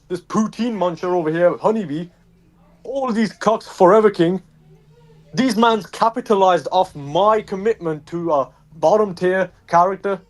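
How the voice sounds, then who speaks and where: A young man with a Birmingham accent, a streamer being interviewed, talking casually and ranting heatedly with lots of swearing. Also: sits high. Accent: Birmingham English. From England. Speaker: streamer, guest.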